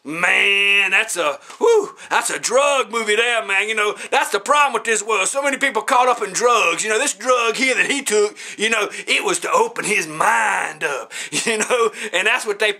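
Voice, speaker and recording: A man with a rough voice, talking like a pastor in a casual preaching vlog, loose and chatty with shouted exhortations. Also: high voice, lively intonation, moderate pace, hardly any pauses. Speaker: pastor and movie reviewer.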